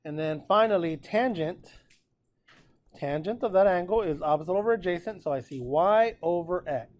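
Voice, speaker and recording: A man teaching a precalculus class in a relaxed, chatty way, often checking in with his students. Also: high-pitched, normal speed. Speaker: math teacher. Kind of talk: classroom lecture recorded with notes.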